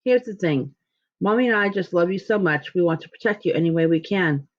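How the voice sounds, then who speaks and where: A woman's voice: lowish voice, lively intonation, a little fast. A joking, upbeat storybook father full of playful teasing, as a woman reading aloud gives him voice. The recording is dull and lo-fi. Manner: jokey, upbeat.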